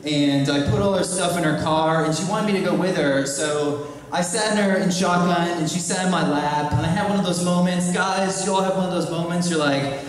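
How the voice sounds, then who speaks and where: A young man performing a stand-up comedy set in a small live venue, delivering deadpan absurd one-liners and the occasional shouted animal voice. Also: high-pitched, fairly quick. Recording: echoey room taped from far off with crowd. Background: audience laughter.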